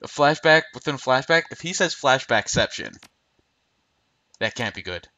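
A man's voice: mid-range voice, animated, normal speed, bright, forceful tone. A man hosting a game playthrough, reading the dialogue aloud in assorted voices and joking about the story. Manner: playful, joking, breaks into laughter. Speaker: let's play host.

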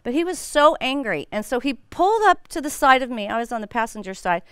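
A woman's voice: sits high, sing-song, brisk, a bit bright, clean tone, no room sound, clean studio sound. A middle-aged woman teaching a women's Bible study, telling a personal story in a chatty way and laughing often.

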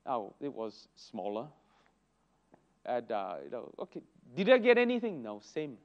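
A man teaching a church Sunday school lesson, telling stories with lively exclamations. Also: medium pitch, unhurried. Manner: animated storytelling with exclamations. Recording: dull lo-fi recording.

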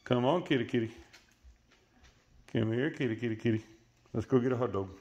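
A man talking to his pets outdoors in a coaxing, playful way, calling them in high sing-song baby talk and teasing them with mild swearing. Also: a little fast, darkish tone, slightly rough, lo-fi sound. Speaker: pet owner filming animals. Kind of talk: casual talk to animals.

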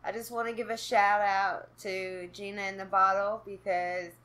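A woman's voice: mid-range voice, flat delivery, normal speed, a bit bright. A woman from Kentucky, chatting to camera in a casual unboxing vlog, nervous and giggly. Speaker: vlogger doing an unboxing.

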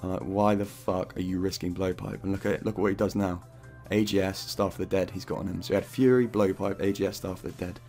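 A man's voice: deep voice, fairly even intonation, quick pace, few pauses, warm tone, soft background music. A man narrating his own game footage in loose, rambling commentary, swearing often and dropping in fillers. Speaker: gaming YouTuber narrating his own gameplay. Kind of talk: casual gameplay commentary.

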